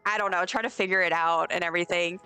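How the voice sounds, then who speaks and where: Woman, livestreamer, effusive casual chat, smooth clear voice. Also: on the low side, steady tone, fast, pushed and bright. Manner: effusive, chatty, reads chat aloud. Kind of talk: casual live-stream chat while gaming. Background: faint game music.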